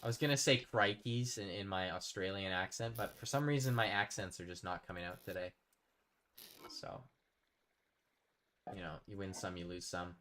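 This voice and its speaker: A man's voice: low-pitched, normal speed, long pauses, fairly bright tone, slight background noise. A man chatting casually while live-streaming a game, rambling and reading out his chat. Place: home streaming setup.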